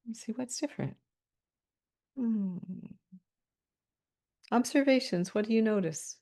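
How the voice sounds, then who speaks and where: Speaking a little high and in no hurry, a woman runs a webinar over video call. She calmly guides her audience through posture and breathing as body-awareness instruction, with light laughter between the cues.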